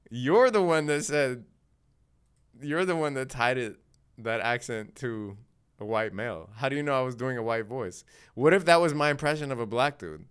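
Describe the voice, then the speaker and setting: A man's voice: mid-range voice, animated, measured pace, long pauses, smooth. A man hosting a live day trading stream, talking in a casual, slangy, laid-back way and laughing often. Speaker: day trading livestream host.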